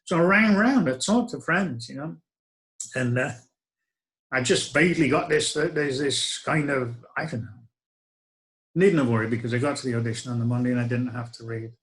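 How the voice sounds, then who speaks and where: A man's voice: medium pitch, a little fast, fairly bright tone, low-quality recording. Man, middle-aged, storytelling, wry and reflective, hesitant restarts. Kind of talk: first-person spoken storytelling.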